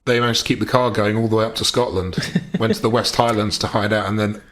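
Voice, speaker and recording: A man chatting as a podcast guest in a lively, talkative way. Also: fairly low pitch, fast talker. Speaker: podcast guest, tabletop player. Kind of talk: casual podcast chat.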